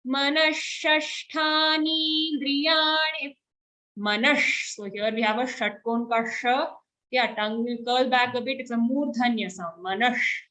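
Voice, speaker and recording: A woman teaching verse recitation online, chanting lines slowly and then correcting pronunciation briskly. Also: on the high side, fairly bright tone.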